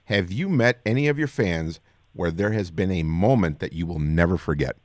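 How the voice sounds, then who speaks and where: A man's voice: deep voice, expressive, moderate pace, darkish tone, no echo, clean studio sound. A man co-hosting a podcast, asking guests questions in a casual way. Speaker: podcast co-host. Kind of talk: casual interview chat.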